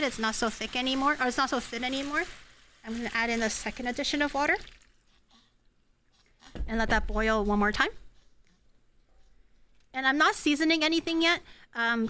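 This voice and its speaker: A woman's voice: on the high side, bright, forceful tone, a little hiss or hum. A woman streaming herself cooking at home, chatting casually, self-mocking and swearing. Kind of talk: casual cooking livestream chat.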